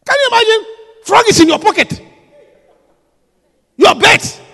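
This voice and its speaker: A man preaching a sermon, emphatic and repetitive, swinging between hushed lines and shouts. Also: extremely high pitch, animated, measured pace, creaky, big-room sound.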